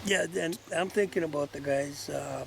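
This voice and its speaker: A man in a casual chat who speaks earnestly and haltingly, with many restarts. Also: fairly high pitch, creaky, a bit bright, a little hiss or hum.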